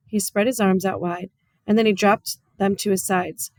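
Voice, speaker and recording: Calm woman reading a storybook aloud. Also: mid-range voice, normal speed, dry recording. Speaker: audiobook reader. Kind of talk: storybook read-aloud narration.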